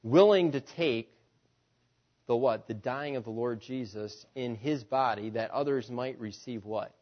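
Male preacher, mid-pitched, dramatic storytelling sermon with rhetorical questions; dull lo-fi recording. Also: measured pace. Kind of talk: sermon, reading a story aloud.

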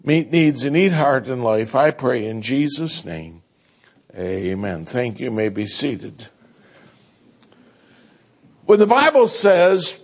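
A man preaching a sermon as a visiting preacher, folksy and animated, joking and mimicking other people's voices. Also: on the high side. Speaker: guest preacher.

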